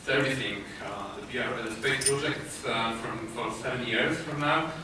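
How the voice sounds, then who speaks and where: A man's voice: medium pitch, normal speed. Polish guy giving a conference talk, lots of uhs, far from the mic, big echo. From Poland. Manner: hesitant, many filler sounds and restarts. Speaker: conference speaker. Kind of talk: conference presentation. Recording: echoey hall, distant mic, noisy.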